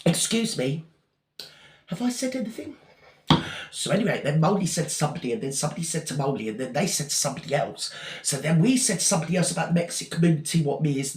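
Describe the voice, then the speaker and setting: A man's voice: medium pitch, reverberant, natural voice. A man playing a self-pitying, rambling gossip and scammer who insists he is always the victim, in a satirical monologue. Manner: rambling, breathless, circular storytelling. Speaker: parody performer.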